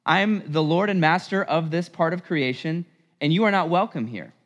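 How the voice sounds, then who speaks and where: Preacher voicing a bold man giving a forceful rebuke; a bit high, with hall reverb. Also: normal speed, highs cut off, lightly acted. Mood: commanding. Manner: forceful, commanding. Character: bold man ordering an intruder out. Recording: long church reverb.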